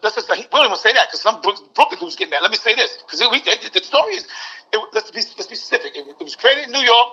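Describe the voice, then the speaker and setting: A man's voice: sits high, pushed and bright. A man in his sixties arguing heatedly as a podcast guest, mimicking voices and repeating words. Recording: dull lo-fi audio.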